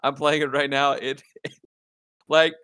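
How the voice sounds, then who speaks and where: A young man from Louisiana, co-hosting a podcast in casual, animated chat, swearing and joking. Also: medium pitch, slow, smooth, dry recording. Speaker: podcast co-host.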